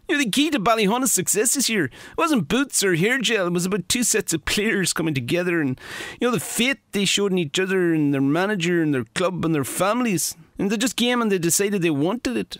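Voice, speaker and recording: Man doing a scornful pundit, emphatic, high voice, dry sound. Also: fairly bright tone, dry recording. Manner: scornful, emphatic, full of "you know". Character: blunt, dismissive male Irish football pundit.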